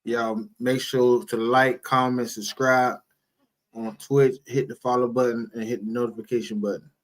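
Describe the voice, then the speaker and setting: A man hosting a stream, opening with a hyped greeting and quick calls to like and subscribe. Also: mid-range voice, level tone, low-quality recording. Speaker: streamer host. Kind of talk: casual reaction-stream intro.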